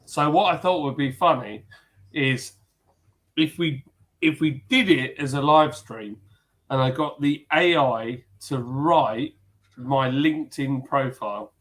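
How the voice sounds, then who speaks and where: A man's voice: mid-range voice, takes it slowly, a bit bright. A man hosting a casual live stream chat over beers, laughing easily and mimicking people in his stories.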